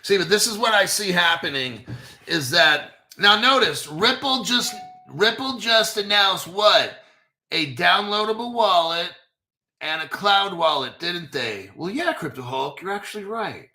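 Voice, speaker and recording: A male show host talks in casual commentary, cursing freely and answering his own asides. His voice sits high and sounds very bright. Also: expressive, a little slow. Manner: profane, talks back to himself.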